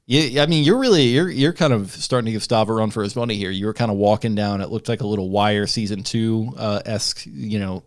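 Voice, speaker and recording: Low-voiced easygoing podcast co-host man. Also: fairly quick, few pauses, dry recording, clean studio sound. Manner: rambling, filler-heavy, easygoing. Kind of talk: casual sports chat.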